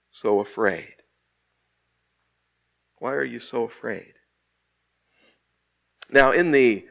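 In a church sanctuary, a man serving as associate minister preaches a sermon in a mid-range voice. He speaks slowly and emphatically, using dramatic pauses and dropping into quiet, hushed moments.

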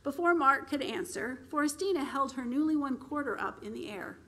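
A woman author reading aloud from her novel at a public library, in a steady, expressive storytelling manner. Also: sits high, fairly quick.

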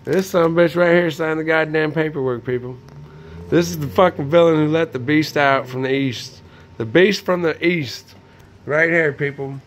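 Brief: man, slightly high voice, manic and foul-mouthed, rambling phone-video rant indoors. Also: moderate pace, a little hiss or hum. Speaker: vlogger. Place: indoors, room with a TV.

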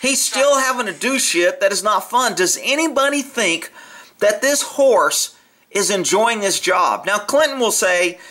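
A man's voice: high voice, lively intonation, unhurried, pushed and bright. A man giving blunt, profane, opinionated commentary over a horse training video.

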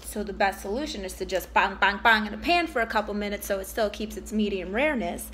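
A woman's voice: medium pitch, fast, few pauses, fairly bright tone, a little hiss or hum, rough recording. A young woman comedian filming a casual cooking vlog in her home kitchen, joking, swearing and chanting silly chopping songs.

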